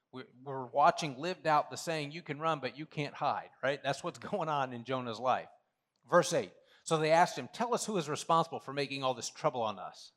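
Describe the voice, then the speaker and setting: A male pastor preaching a sermon in a church, animated, with joking asides and big swings from loud to hushed. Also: mid-range voice. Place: church sanctuary.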